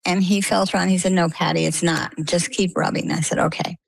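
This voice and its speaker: Older woman, low gravelly voice, chatty storyteller, dry close sound. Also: fairly even intonation, fairly quick, no echo. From Maine. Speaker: interview guest. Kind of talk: casual storytelling.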